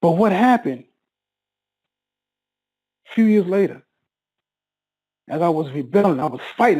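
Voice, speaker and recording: A man telling an emotional personal story, halting and repeating words, his voice rising as he relives a moment of panic. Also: high voice, expressive, darkish tone, no echo, low-quality recording.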